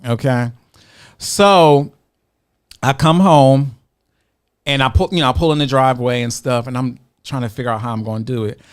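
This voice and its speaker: A man's voice: medium pitch, moderate pace, pauses often, clear, resonant tone. A man co-hosting a podcast, telling a long story in casual chat, acting out the voices he quotes and laughing often. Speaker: podcast co-host.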